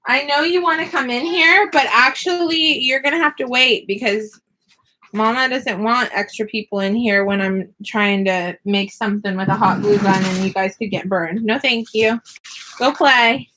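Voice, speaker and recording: A woman vlogging from her home classroom, chatting casually and upbeat with quick laughs while she crafts. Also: fairly high pitch, sharp tone, a little hiss or hum. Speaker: vlogger and online teacher.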